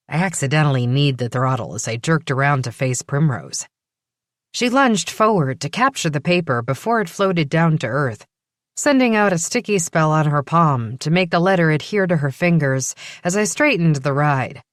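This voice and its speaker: A woman's voice: low voice, animated, normal speed, dry recording. A woman narrating a first-person audiobook in a dry, matter-of-fact manner. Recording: dry studio close mic.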